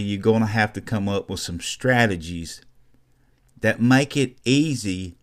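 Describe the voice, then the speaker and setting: A man with a lowish, smooth, resonant voice walks through a screen-recorded tutorial. He talks loosely and conversationally, dropping fillers and restarting sentences as he explains. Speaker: YouTube marketing instructor.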